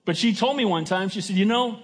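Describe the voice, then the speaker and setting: A man's voice: sits high, lively intonation, quick pace, husky. A man preaching a sermon as pastor, emphatic and folksy, often asking his congregation "Amen?". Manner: folksy and joking.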